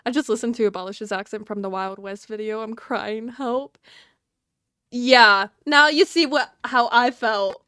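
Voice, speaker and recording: A woman streamer rambling casually to her live chat, scattered and quick to laugh. Her voice sits on the higher side and sounds dry and close, with no room around it. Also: sharp tone, clean tone, no room sound. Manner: chatty and scattered, laughing often, talking to chat.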